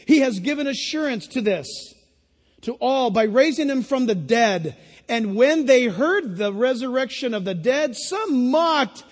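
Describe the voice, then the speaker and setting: A man preaching a sermon, lively and animated, acting out little voices and laughing at his own jokes. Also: very high voice, unhurried. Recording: long hall reverb.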